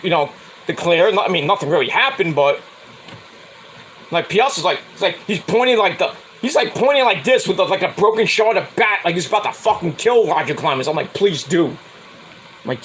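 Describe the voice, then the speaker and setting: A man's voice: high-pitched, expressive, moderate pace, fairly bright tone, a little hiss or hum, low-quality recording. A man hosting his own stream, ranting in a profane, heated, rambling way about sports. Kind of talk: casual sports rant.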